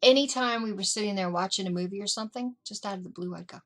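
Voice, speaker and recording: A middle-aged woman vlogger telling family stories in a casual, animated way, acting out what her relatives said. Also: mid-range voice, quick pace. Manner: animated, acts out family members in quotes. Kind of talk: casual storytelling. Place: indoors.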